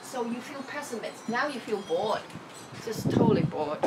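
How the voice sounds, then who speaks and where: A woman spiritual teacher giving a motivational talk, expressive and emphatic, acting out each feeling as she goes. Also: a little high, normal speed, far from the mic, heavy background noise.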